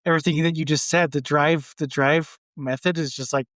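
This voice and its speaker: A man's voice: a little high, steady tone, brisk, a bit bright, no room sound, clean studio sound. A man in a casual podcast conversation, chiming in with short, enthusiastic agreement. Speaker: podcast co-speaker.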